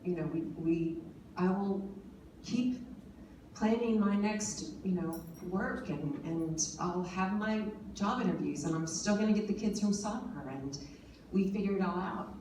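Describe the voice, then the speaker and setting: The recording, made with a distant mic in an echoey, noisy conference hall, captures a forties-aged woman on a forum panel. She speaks earnestly about personal matters, using lots of fillers and restarting often. Her voice is mid-range and a little slow.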